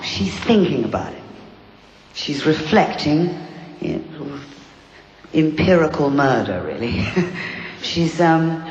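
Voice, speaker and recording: A woman's voice: sits low, darkish tone, slight background noise. An English woman, a singer, chatting on stage between songs, self-mocking and laughing often. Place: theatre stage. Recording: reverberant live concert hall recording.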